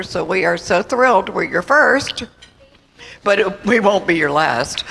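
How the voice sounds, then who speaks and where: Slow, gravelly woman emcee. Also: lowish voice, a bit bright, poor audio. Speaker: host of the event. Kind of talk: emcee introducing speakers. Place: convention hall. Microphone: handheld microphone.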